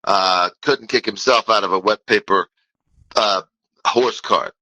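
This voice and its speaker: A man plays an old dead football coach ringing in from the afterlife. He rambles and ties unrelated things together in a sharp, very bright voice, and his pitch jumps suddenly. The sound is dry and close. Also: unhurried, no echo, low-quality recording. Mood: rambling. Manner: rambling, nonsensical, jumps between stories.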